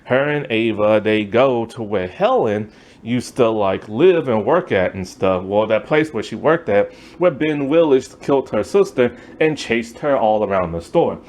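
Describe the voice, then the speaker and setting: A man's voice: medium pitch, expressive, measured pace, darkish tone. A man giving a casual, rambling movie review rant, loose and exasperated, with lots of filler words.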